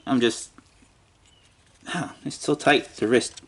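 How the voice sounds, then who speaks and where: A man's voice: medium pitch, steady tone, slow, vocal fry, a bit bright, husky. Man casually reviewing a toy. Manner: mutters and jokes to himself while handling the toy.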